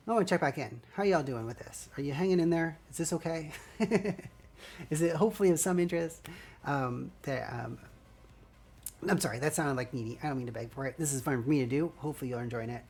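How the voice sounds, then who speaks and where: A woman's voice: very deep voice, a little mellow. A woman streaming herself building LEGO live, chatting casually with viewers in a scratchy voice with a dry throat, rambling and friendly. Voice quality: scratchy, slightly gravelly voice. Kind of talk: casual livestream chat while building.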